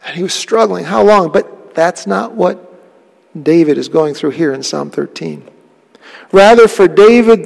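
A pastor with a high, gravelly voice preaches to his congregation in an earnest, conversational way. He keeps asking his listeners questions and often sinks into a soft, low tone. His words ring out with the long reverb of a church hall. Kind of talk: sermon.

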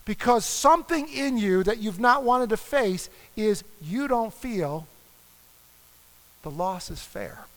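Male pastor, sermon delivery; very high, bright voice; long hall reverb; dramatic scripture reading. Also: lively intonation, slow pace. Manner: reads scripture aloud with dramatic emphasis.

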